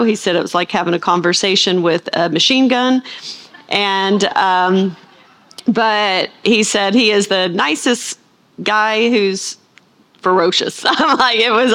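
Middle-aged woman Bible teacher, talkative and lively, full of playful asides to the congregation. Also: medium pitch. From United States. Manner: rambling, animated storytelling with playful asides. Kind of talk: chatty sermon intro to a live audience.

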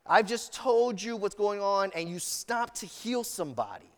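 A man's voice: high voice, lively intonation, normal speed, big-room sound. A man doing a frantic pleading father. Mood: anxious pleading. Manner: urgent, stammering plea. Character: desperate middle-aged father pleading for his daughter.

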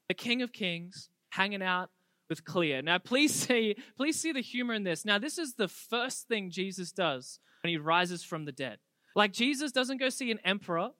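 A young adult preacher giving an energetic, humorous youth sermon that builds to fervent emphasis. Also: medium pitch, dry recording.

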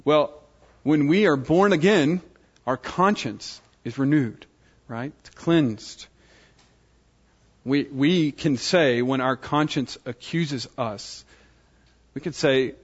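A man's voice: fairly high pitch, takes it slowly, pauses often. Earnest preacher man, lo-fi sermon. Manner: earnest, asks the audience "right?" often.

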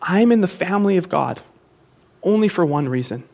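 A man's voice: sits high, lively intonation, normal speed, gravelly, darkish tone. A pastor preaching a sermon to his congregation, repeating key phrases for emphasis and calling the listeners to say them back with him.

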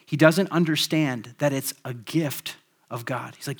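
A man's voice: medium pitch, a little slow, husky. A man preaching a sermon in a casual, conversational way, with frequent "like" and "right?" tag questions. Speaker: pastor.

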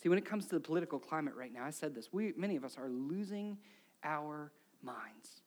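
A middle-aged man preaching a sermon as a pastor, telling stories with big swings from hushed near-whispers to shouts. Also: a little high, expressive, rapid-fire.

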